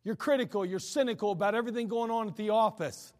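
A man's voice: sits high, fast talker, in a large hall. A man preaching a sermon in a conversational way, acting out the voices of people he quotes. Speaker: pastor.

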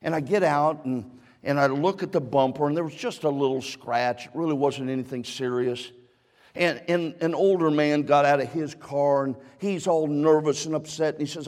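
A man's voice: on the high side, normal speed, a little mellow. Fervent preaching man in a reverberant church. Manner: storytelling, building to fervent preaching. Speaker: pastor. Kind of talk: sermon. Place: church sanctuary.

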